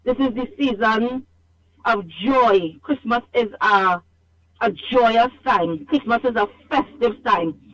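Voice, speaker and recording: A Trinidadian woman scolds emphatically on a radio call-in, repeating herself for stress as she airs an animated complaint over the phone. She speaks slowly in a fairly high, slightly bright voice.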